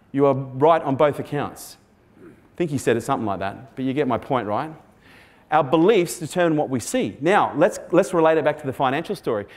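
Facing a live audience from the stage, this keynote speaker, a man in his 40s, is blunt and sweary as he motivates and quizzes the room. His voice is somewhat high with a slightly mellow tone.

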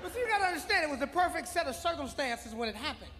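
High-voiced man telling a story on stage. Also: big pitch swings, racing, a crowd in the background, noisy background. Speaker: comedian's friend, guest. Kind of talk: stand-up storytelling. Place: large live comedy venue. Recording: live venue with long reverb.

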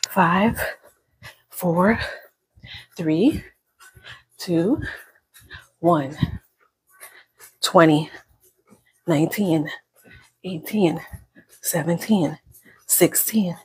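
A woman's voice: fairly low pitch, breathy edge, low-quality recording. A woman fitness instructor leading a live workout class from a phone in an indoor room. She counts reps and coaches in a casual, encouraging way. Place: indoor room on an upper floor. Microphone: phone livestream.

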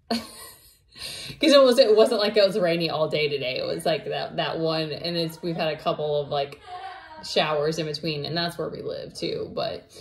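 A woman's voice: sits low, normal speed. A woman, telling a personal story in a casual vlog, rambling with many fillers and restarts. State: emotional, near tears at times. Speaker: vlogger.

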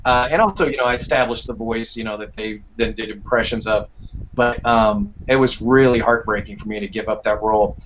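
A man's voice: on the low side, brisk. Rambling male voice actor, dull audio. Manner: relaxed, rambling, with many fillers. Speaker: voice actor guest. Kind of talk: casual interview over a call.

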